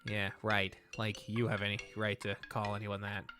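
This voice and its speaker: A woman voicing a teasing, sassy young male tiger student in a visual novel, quick to fire back. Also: extremely low pitch, completely flat delivery, a bit bright, soft background music.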